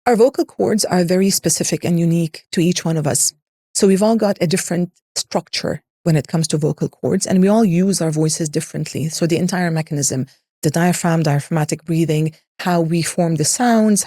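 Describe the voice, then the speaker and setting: A woman's voice: fairly low pitch, moderate pace, dark tone, no echo, studio quality. A woman voice coach explaining ideas in an interview, in an instructive way that uses lists and rhetorical questions. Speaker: voice and public speaking coach.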